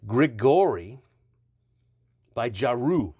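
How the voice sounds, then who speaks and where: A man's voice: mid-range voice, lively intonation, drawn-out words, dark tone, slightly rough, no echo. A man casually reviewing stretchy toy figures, chatty and rambling, often correcting himself mid-sentence.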